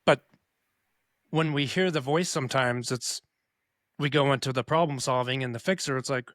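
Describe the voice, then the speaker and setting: A man's voice: mid-range voice, moderate pace, long pauses, fairly bright tone, dry recording, clean studio sound. A man co-hosting a casual podcast chat who reasons through his points earnestly. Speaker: podcast co-host.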